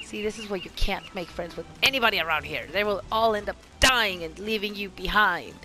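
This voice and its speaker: A woman's voice: medium pitch, fairly quick, music in the background. A woman hosting a solo let's play, chatting to the game's characters and gasping and laughing when things go wrong. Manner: chatty, talks to game characters, gasps and laughs at mishaps. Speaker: gameplay channel host. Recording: clear game noise underneath. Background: game ambience and sound effects.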